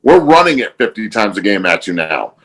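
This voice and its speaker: A man's voice: lowish voice, big pitch swings, a little fast, a bit bright, rough recording. A man hosting a podcast, talking bluntly and emphatically in casual chat, with frequent swearing. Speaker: podcast host.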